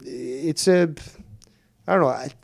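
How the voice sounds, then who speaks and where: A man's voice: on the high side, slow pace, gravelly, no echo. A middle-aged man hosting a live stream, ranting with lots of swearing and mocking others in whiny put-on quotes. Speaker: streamer and show host.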